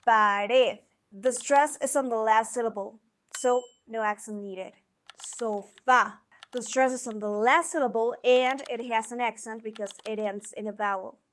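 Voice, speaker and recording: A woman teaching a scripted video lesson, speaking clearly and encouragingly and slowing down to sound out example words. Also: fairly high pitch. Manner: clear, encouraging instructional delivery. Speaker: Spanish teacher.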